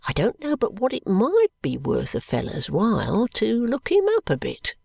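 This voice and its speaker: A reader voicing a scheming, sentimental young male law clerk who talks in a confiding, often hushed and whispery way. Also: medium pitch, wildly swooping pitch, moderate pace, vocal fry, slightly rough, no echo, pitched above the performer's own voice, exaggerated voice.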